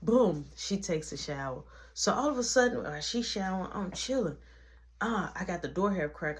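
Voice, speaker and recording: A woman's voice: fairly low pitch, moderate pace. A woman telling a casual story in slangy talk, acting out the people in it. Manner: animated, slangy, acts out every voice.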